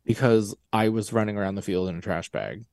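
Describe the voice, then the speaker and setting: A man's voice: lowish voice, brisk, a little mellow, no echo, studio quality. Candid, crude-talking man. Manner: candid, crude, self-mocking storytelling. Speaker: guest. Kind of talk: casual chat.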